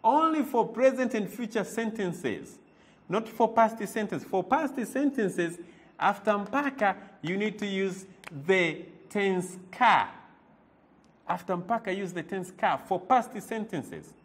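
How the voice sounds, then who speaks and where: Man, language teacher, slow deliberate delivery, repeats words, quizzes the listener, high voice. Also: animated. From Tanzania. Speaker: Swahili teacher. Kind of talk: language lesson.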